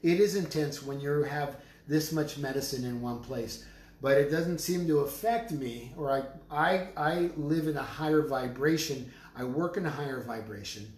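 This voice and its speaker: In a studio packed with drums and rattles, a man with a slightly high voice presents his handmade drums during a live sales stream. He talks slowly, with chanted words and prayerful, emphatic declarations. The room sounds spacious, with a faint noise.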